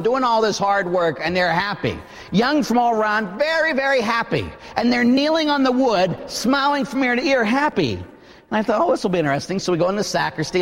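A man, a priest, preaching a sermon in an animated storytelling manner with emphatic questions to the congregation. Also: high-pitched, in a large hall.

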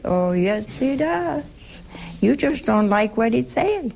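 Woman Bible teacher, unhurried delivery with a gravelly edge, teasing rhetorical questions. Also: high voice, sing-song, darkish tone. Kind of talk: conversational sermon.

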